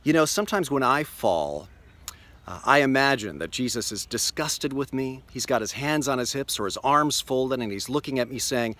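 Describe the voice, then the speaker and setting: A pastor giving a daily video devotional outdoors on a lakeshore beach, telling the story earnestly and slowing down for emphasis. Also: male voice, medium pitch, lively intonation, fairly bright tone.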